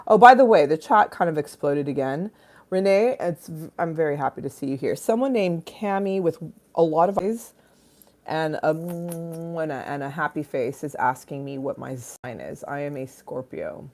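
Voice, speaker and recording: A woman hosting a casual livestream on her phone, playful and crude, swinging between loud bursts and low mutters. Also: normal speed. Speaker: livestream host. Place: Los Angeles home.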